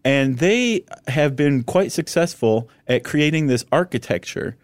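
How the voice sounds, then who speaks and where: A male podcast co-host with a mid-range voice, talking in a relaxed and teasing way with lots of fillers. The sound is dry and close. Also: medium pitch, unhurried, dry recording. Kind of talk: casual chat.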